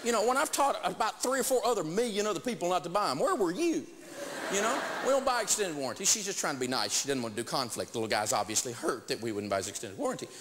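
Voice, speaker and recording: A middle-aged man teaching a lesson, telling a story in an animated, self-mocking way. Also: high-pitched, quick pace, long reverb tail, background noise. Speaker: financial teacher. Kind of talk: storytelling lesson to a live audience.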